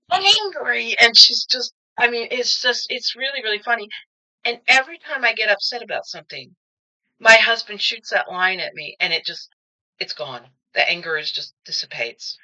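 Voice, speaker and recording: A woman's voice: medium pitch, bright, forceful tone. A woman giving a casual spoken tarot reading, musing and rambling with frequent restarts. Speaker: tarot card reader. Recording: dull lo-fi recording.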